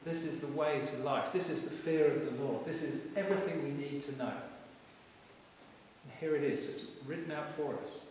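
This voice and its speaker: Emphatic vicar preaching in an echoey church. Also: male voice, on the high side, fairly even intonation, moderate pace, a little mellow. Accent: Welsh. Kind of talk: sermon. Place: stone church, live service. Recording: echoey church from far off with hiss.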